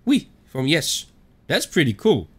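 A man giving chatty let's-play commentary on a ghost hunting game, thinking out loud with some non-native phrasing. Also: a little high, huge pitch swings, unhurried, slightly rough. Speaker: gaming YouTuber.

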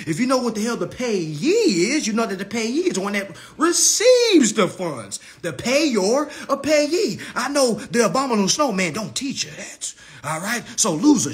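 A man's voice: high-pitched, very animated, moderate pace, fairly bright tone. A man ranting on a livestream in a brash, taunting way, repeating "all right? okay?" to drive his points home. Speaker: livestream host.

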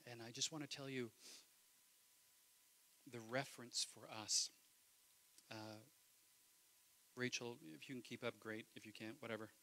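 Pastor preaching in church; bright, ringing man's voice, impassioned with quiet asides. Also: mid-range voice, level tone, measured pace, pauses often, rough recording. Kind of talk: sermon.

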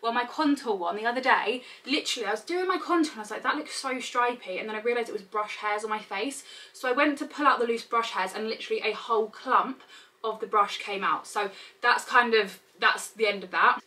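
A woman's voice: medium pitch, sharp tone, a little hiss or hum. A woman, chatting to camera in a rambling, bubbly way as a vlogger. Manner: bubbly, rambling, lots of "literally" and "like". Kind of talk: chatty vlog talk to camera.

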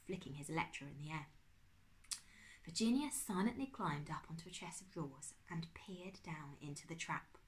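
A woman teacher reading a chapter book aloud to her class, expressive and dropping to a whisper at tense moments. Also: low voice. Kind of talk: storybook read-aloud.

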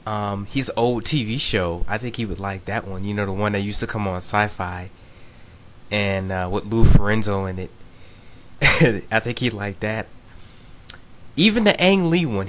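Low-voiced man rambling on camera. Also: fairly bright tone. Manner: filler-heavy, keeps asking "you know what I'm saying". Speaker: video blogger. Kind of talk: rambling casual video response.

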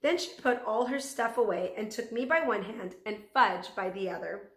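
A woman teacher reads a chapter book aloud to her students in a steady, middle-pitched voice. The recording carries a roomy echo, and she ends with a gentle good night. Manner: gentle, warm sign-off. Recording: echoey room.

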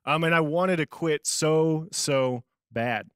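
A man's voice: fairly high pitch, takes it slowly, clean tone, no echo, studio quality. A young man giving a casual youth sermon as a youth pastor, telling stories on himself with a self-deprecating, laughing manner.

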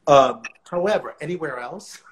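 A man, a guest actor telling stories in a relaxed live interview over a video call, rambling warmly with frequent restarts. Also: fairly high pitch, moderate pace. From New Orleans, USA. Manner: warm, rambling storyteller with many restarts. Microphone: phone or laptop on a video call.

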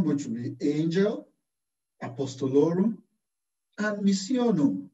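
Priest giving a slow sermon, asks questions then answers them, sounds far off in an echoey room, kinda muffled. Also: male voice, a little high, warm tone. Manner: slow, deliberate teaching with rhetorical questions. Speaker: Carmelite priest. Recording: distant, roomy, dull-sounding recording.

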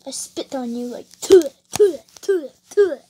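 A high-voiced, pompous French Godzilla artist as a man puts him on drawls his boasts in a thick put-on French accent. He spits out little tuh sounds as he talks. The delivery is slow and theatrical. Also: darkish tone, a little hiss or hum. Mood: haughty.

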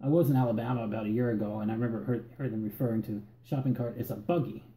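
A man from Northern Virginia with that region's accent works through an accent tag word list in a relaxed, halting way and stops to repeat himself. His voice is very dark and mellow, at a middling pitch. The recording carries a roomy echo. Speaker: vlogger.

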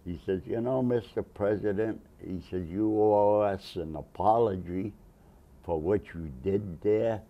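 A Navy veteran from Massachusetts, USA, a man in his nineties, tells a long rambling story in an oral history interview, chuckling and acting out the quotes. His voice is lowish and measured, and the recording is muffled.

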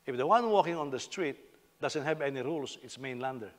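Filipino pastor preaching in a reverberant hall. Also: male voice, medium pitch, expressive, brisk. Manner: humorous, conversational preaching. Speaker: senior pastor. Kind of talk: sermon.

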